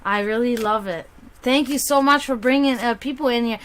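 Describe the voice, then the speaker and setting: Bubbly German-accented woman. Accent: German with a slight Slavic touch. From half German, half Serbian. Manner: chatty, bubbly, quick swings in pitch and loudness. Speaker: psychic reader and livestream host. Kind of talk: casual livestream chat.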